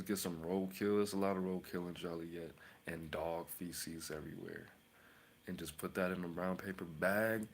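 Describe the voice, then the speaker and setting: On his own channel, a deep-voiced tarot reader rambles and boasts in a casual rant, mocking with sudden whispers and outbursts. Slight background noise can be heard.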